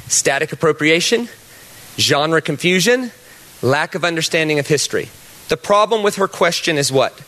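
High, bright-voiced man preaching. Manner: animated storytelling, rises to loud emphatic peaks. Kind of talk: sermon.

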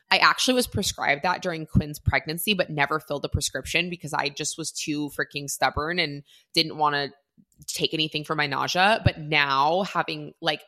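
A woman's voice: sits low, pushed and bright. A woman in her thirties telling a personal story to camera in a chatty way, full of "like", acting out what people said. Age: 30s. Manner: chatty, lots of "like", acts out quoted voices. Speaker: vlogger.

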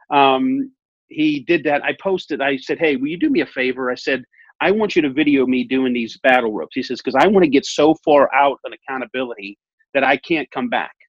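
This thirties-aged man speaks in a mid-range voice as an interview guest, relaxedly recounting how he lost weight. He performs the quoted lines with lively energy and keeps repeating phrases. There's no echo, though the lo-fi audio sounds muffled.

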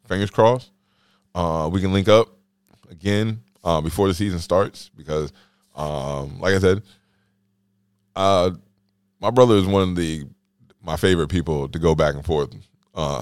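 A man's voice: deep voice, a little mellow, no echo, clean studio sound. A man hosting a solo podcast, telling a story in a rambling, slangy, joking way. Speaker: podcast host.

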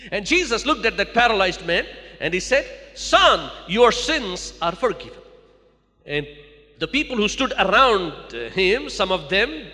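A man's voice: high voice, sharp tone, long reverb tail. A man preaching a sermon to a church, repeating key lines and calling out to the congregation.

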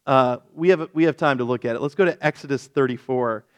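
A man's voice: medium pitch, brisk. A male pastor teaching through a Bible passage in a sermon, explaining the text and acting out quoted lines with feeling.

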